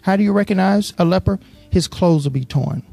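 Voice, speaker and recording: Set in a church, this sermon with call and response features a preacher with a medium-pitched voice who speaks a little fast. He reads scripture and asks the congregation to fill in the missing words, moving from steady Bible reading into impassioned preaching. There's no room sound, just soft background music.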